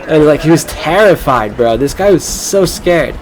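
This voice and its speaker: A man's voice: fairly high pitch, lively intonation, moderate pace, some chatter behind, slight background noise, low-quality recording. Rambling, foul-mouthed young man gaming. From Florida. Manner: rambling, profane, boastful storytelling. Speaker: gameplay streamer. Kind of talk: casual rambling gameplay commentary.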